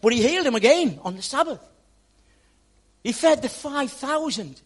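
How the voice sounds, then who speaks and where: High pitched guy preaching a sermon in church, talks right to the congregation, repeats himself for emphasis. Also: lively intonation, moderate pace. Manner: emphatic, repeats words, addresses the congregation directly. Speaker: pastor.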